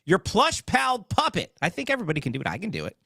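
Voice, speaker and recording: A man's voice: high voice, wildly swooping pitch, quick pace, creaky, sharp tone, dry recording, clean studio sound. A man in his forties hosting a comedic talk show, joking and rambling. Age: 40s.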